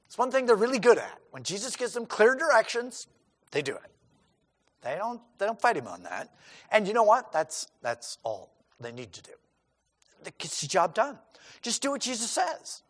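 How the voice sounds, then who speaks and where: A man's voice: high-pitched, a bit bright, long reverb tail. A man preaching a sermon in a conversational, folksy way, acting out scenes with quoted voices and many asides. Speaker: pastor.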